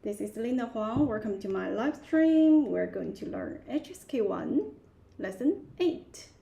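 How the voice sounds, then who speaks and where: A woman teaching Chinese words on a live stream, speaking slowly and repeating each word several times while stressing its tones. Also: a little high, animated, creaky, mellow. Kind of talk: live-streamed language lesson. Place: live stream set-up at home.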